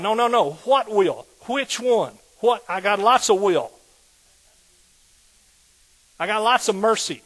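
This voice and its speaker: A man preaching a sermon in a lively call-and-response manner, asking the congregation questions. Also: sits high, moderate pace.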